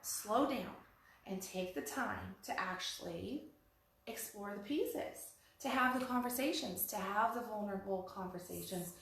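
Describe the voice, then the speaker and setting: A woman's voice: medium pitch, unhurried, creaky. Middle-aged woman in an echoey room. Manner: animated storytelling, acting out quoted voices. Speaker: podcast co-host. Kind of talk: casual conversation about relationships. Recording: very echoey room, faint background noise.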